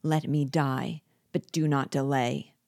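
A woman's voice: extremely low pitch, steady tone, slow, creaky, darkish tone, no room sound, clean studio sound, full character voice. A woman reading aloud as a captive young man who answers his captor with indignant defiance.

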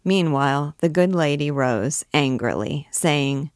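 Woman, reading a novel aloud, low voice, dry close sound, measured and expressive. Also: no room sound. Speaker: reader.

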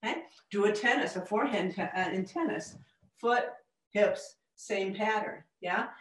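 A woman coaching a group in a live workshop, energetic and demonstrative as she walks them through movement exercises. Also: medium pitch, a little slow. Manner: energetic, demonstrative, talks with gestures. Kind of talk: live presentation with audience exercises. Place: presentation room with a group. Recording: echoey room, mic far off.

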